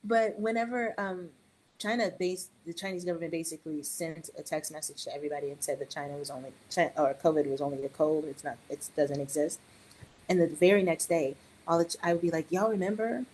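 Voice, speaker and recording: A middle-aged woman and early childhood educator, chatting on a podcast in an animated way with joking asides. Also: deep voice, brisk, poor audio. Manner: animated, joking asides, quotes others in raised voice. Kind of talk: casual podcast conversation.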